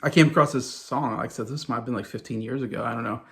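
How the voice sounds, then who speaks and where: A man around forty chats casually to camera about music he loves, eager and loose. His mid-range voice has a gravelly fry to it, and he wanders through his points with plenty of "you know" and restarts. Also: medium pitch, fast talker. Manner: enthusiastic, rambling, many fillers and restarts. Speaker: music vlogger.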